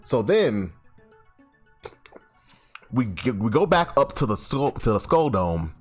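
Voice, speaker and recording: A man giving a casual, animated comic recap, swearing freely and often restarting his sentences. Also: mid-range voice, slow. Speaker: YouTube host. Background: faint background music.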